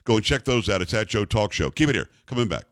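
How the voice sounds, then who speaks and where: A man's voice: lowish voice, expressive, quick pace, fairly bright tone, no room sound, studio quality. Indignant male talk radio host. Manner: indignant, emphatic, repeats the call-in number.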